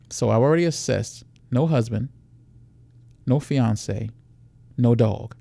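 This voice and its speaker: A man's voice: medium pitch, takes it slowly, vocal fry, pauses often, warm tone, no echo. A man who is a security expert, explaining how predators work in a podcast interview, walking through scenarios.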